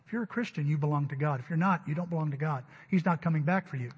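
This sermon comes rapid-fire from a male pastor whose fairly high, husky voice swells into loud emphasis on important words. It was recorded dully in a sanctuary where every line trails off in long reverb.

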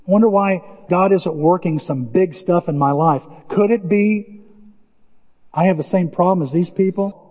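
An older man preaching a sermon as pastor, impassioned, with folksy asides and sudden shouts. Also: high-pitched, moderate pace. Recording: dull distant sound with hall reverb.

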